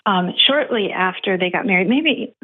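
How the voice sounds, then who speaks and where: Female caller, phone-line sound, talkative and casual, medium pitch. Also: lively intonation, moderate pace. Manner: chatty storytelling, many fillers. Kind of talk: phone call to advice show.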